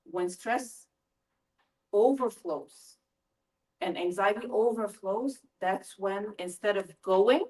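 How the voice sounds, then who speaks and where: Mid-aged woman running a parent workshop, chatty and lively, throws questions at the room, mic sits kinda far off. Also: medium pitch, takes it slowly. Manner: lively, engaging, asks the audience questions. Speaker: school family-engagement presenter. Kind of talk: live parent workshop talk. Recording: voice from a distance from the mic.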